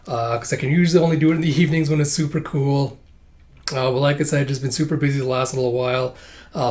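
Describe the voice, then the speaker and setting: A man hosting a manga read-through channel, chatting casually and starting most phrases with "uh". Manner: filler-heavy, starts lines with "uh"; voices characters with big pitch jumps when reading dialogue. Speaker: manga reading channel host.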